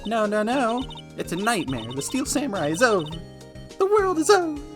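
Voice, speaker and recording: A man puts on a gushing seventeen-year-old girl who squeals about her favorite TV hero. Her voice shoots up high and swoops all over, breathless with enthusiasm. Game music plays underneath. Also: sing-song, a little fast. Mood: distraught. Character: excitable teenage girl assistant, TV-show fan. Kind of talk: fan voice-acting of a game.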